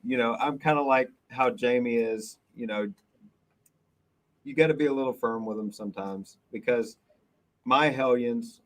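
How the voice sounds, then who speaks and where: A man's voice: medium pitch, normal speed, poor audio. A man, a guest on a live podcast, speaking earnestly about firm parenting.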